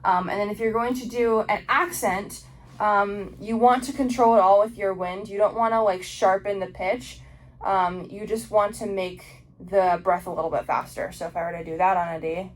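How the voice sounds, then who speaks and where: A woman's voice: medium pitch, steady tone, moderate pace, poor audio. A young woman teaching oboe articulation in a casual instructional video, explaining with frequent ums and likes.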